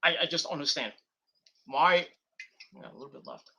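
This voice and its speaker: A man's voice: fairly high pitch, lively intonation, moderate pace, vocal fry, pushed and bright, slightly rough. A man giving a rambling, profane and exasperated review of a wrestling show. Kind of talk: casual rant review.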